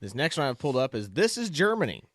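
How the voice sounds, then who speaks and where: Man, co-host, animated, lively intonation, dry recording. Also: medium pitch, quick pace, dry recording. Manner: animated, reads headlines aloud. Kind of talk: talk show banter.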